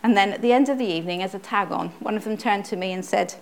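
A middle-aged woman shares her testimony from the pulpit in an earnest, conversational way. Her voice sits at an ordinary middle pitch, and she often stumbles and restarts a phrase before pressing on. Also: fast, gravelly, slight background noise. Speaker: church speaker, pastor's wife. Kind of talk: personal testimony sermon.

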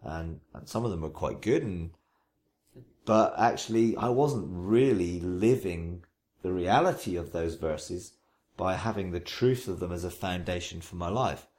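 A preacher talking earnestly in an interview about his faith, unhurried, often restarting and repeating phrases, and slowing to recite scripture with emphasis. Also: sits low, darkish tone. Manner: slow, emphatic recitation when quoting scripture. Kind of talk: reflective interview testimony.

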